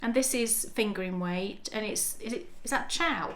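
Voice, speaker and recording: A woman's voice: mid-range voice, normal speed, fairly bright tone, roomy sound. A woman, co-hosting a knitting podcast in easygoing chat, showing off yarn and often restarting her sentences. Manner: chatty, restarts often, shows items to camera. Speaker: podcast co-host.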